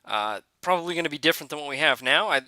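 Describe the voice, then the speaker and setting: A man giving casual, halting commentary on a strategy game update, with frequent fillers and restarts. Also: on the high side, animated, bright, forceful tone, no echo. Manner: hesitant, many "uh" fillers and restarts. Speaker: gaming video creator.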